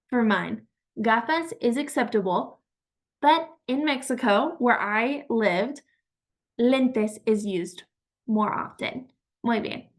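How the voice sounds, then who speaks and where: A woman teaching vocabulary in a slow, patient, encouraging way, repeating each word and praising the learner. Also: on the high side. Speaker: Spanish teacher. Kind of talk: slow vocabulary lesson with pauses.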